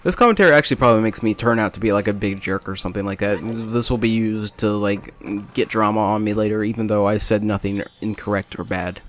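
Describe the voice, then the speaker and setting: A man's voice: on the low side, fast talker, hardly any pauses, fairly bright tone. A young man giving rambling, jokey, self-deprecating commentary over a game at a home desk mic, hopping from topic to topic. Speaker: let's play commentator. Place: small hot bedroom with a fan running.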